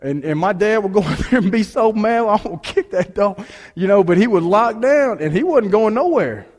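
A man preaching with a slightly higher voice, telling stories in a loose, conversational way with many restarts. He drops to a hush, then rises to emphatic points. His voice rings out with a long reverb, as in a large hall. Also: lively intonation, moderate pace. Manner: conversational storytelling with frequent restarts; swings between hushed and emphatic. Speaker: pastor. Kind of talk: sermon.

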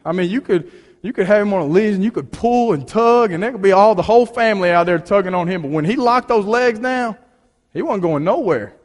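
A man's voice: high-pitched, a little fast. Man preaching in a reverberant hall. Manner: conversational storytelling with frequent restarts; swings between hushed and emphatic. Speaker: pastor. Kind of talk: sermon.

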